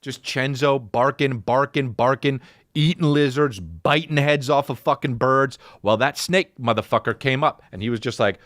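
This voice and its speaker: Telling a funny story on his podcast, a man swears heavily and brings the people and dog to life with acted voices. He talks at normal speed and medium pitch, in a dry recording.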